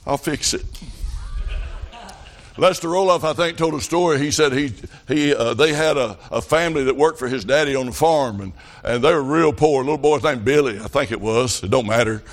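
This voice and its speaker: A middle-aged man preaching a revival sermon, telling folksy stories in a plain country way and rising to loud shouted passages. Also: medium pitch, normal speed.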